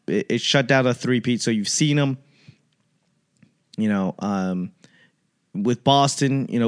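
Man, mid-pitched, rambling casual host, animated storyteller, fillers galore. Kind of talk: casual solo chat.

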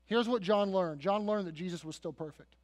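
A high-voiced male pastor preaches with dramatic storytelling, sinking to soft passages and swelling to loud, emphatic peaks. His voice rings out with a long reverb, as in a large church sanctuary. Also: fairly quick. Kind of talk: sermon.

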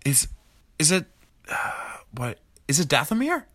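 A man's voice: fairly high pitch, sing-song, a little slow, bright, forceful tone, no room sound. Guy cursing and guessing trivia, voice bouncing all over. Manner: swears a lot, flustered. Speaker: podcast co-host, quiz contestant. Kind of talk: casual chat.

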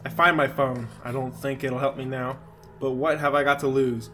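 A man's voice: medium pitch, flat delivery, normal speed, sharp tone, a little hiss or hum. A man co-hosting a podcast, reading a creepy story aloud and breaking off to laugh and joke. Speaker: podcast co-host.

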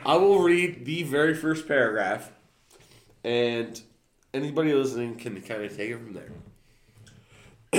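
A man's voice: medium pitch, unhurried, long pauses. A man hosting a casual, crude, joking podcast. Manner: crude, joking, often laughing. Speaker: podcast host. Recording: echoey room, faint noise.

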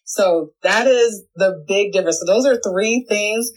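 Chatty woman giving quick video tips. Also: medium pitch, low-quality recording. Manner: chatty, animated, acts out little voices. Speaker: social media video coach. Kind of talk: casual tips talk to camera. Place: home office.

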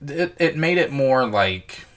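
A man's voice: mid-range voice, lively intonation, slow. A man co-hosting a podcast in casual chat, hesitant with many fillers and restarts, swearing freely. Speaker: podcast co-host.

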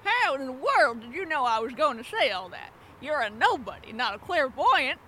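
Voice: high voice, very animated, normal speed, bright, forceful tone, a little hiss or hum, heavily acted. A performer voicing a rich, domineering female mob boss in a comedy audio drama, speaking in an imperious, insulting way. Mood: impatient.

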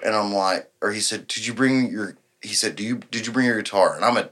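A man's voice: on the low side, fast, fairly bright tone. A man, telling a rambling bar story on a podcast and acting out the other people's lines. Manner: rambling, acts out quoted dialogue, laughs often. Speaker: podcast guest. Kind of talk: casual storytelling.

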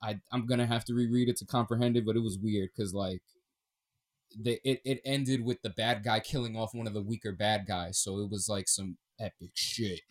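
A man co-hosting a casual podcast, talking in an animated, profane way that swings between loud bursts and mumbled asides. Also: on the low side, moderate pace. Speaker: podcast co-host.

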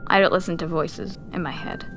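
A woman playing a tabletop game, eager and quick in her replies. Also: on the low side, steady tone, over music. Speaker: player. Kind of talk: casual tabletop play.

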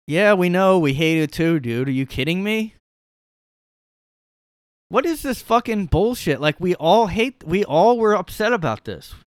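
A man's voice: high-pitched, lively intonation, moderate pace, hardly any pauses, clean tone, no echo, clean studio sound. A man hosting a casual solo podcast from his room, ranting sarcastically and rambling through his opinions. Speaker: podcast host.

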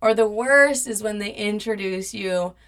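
A young woman in her twenties telling a casual storytime in a blunt, profane, animated way, acting out quotes as she goes. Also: medium pitch, a little slow, recorded from a distance.

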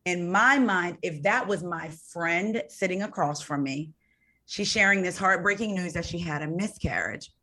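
A woman who speaks as a guest in a casual podcast conversation. Her voice sits low for a woman. She recounts events in a lively storytelling manner. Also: normal speed.

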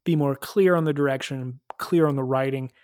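A man hosting a casual review podcast, animated and chatty, with lots of fillers and frequent laughs. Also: mid-range voice, moderate pace, no echo, clean studio sound. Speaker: podcast host reviewing episodes.

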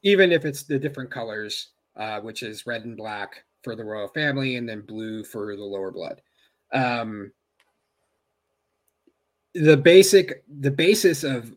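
Man chatting casually on a podcast. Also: medium pitch. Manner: thinks aloud with frequent restarts. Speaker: podcast co-host. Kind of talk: casual chat.

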